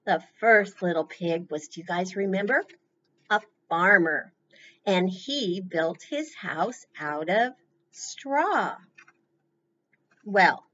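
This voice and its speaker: A woman presenting a library storytime, reading slowly and encouraging the children warmly as she leads them. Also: medium pitch, muffled recording, a little hiss or hum. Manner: encouraging, slow, animated.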